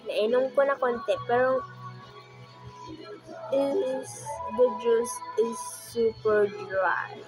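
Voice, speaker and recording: A woman with a Filipino accent rambles through a casual vlog. She speaks slowly in a fairly high voice, stopping and restarting often. Music plays clearly behind her. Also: low-quality recording. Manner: halting, restarting, emotional. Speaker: vlogger.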